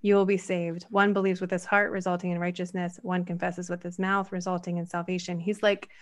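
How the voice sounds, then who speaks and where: A woman's voice: fairly low pitch, fairly quick. A woman co-hosting a casual Bible discussion podcast, talking eagerly and running on as she reads passages aloud. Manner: animated, quotes scripture at length, runs on excitedly. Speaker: podcast co-host.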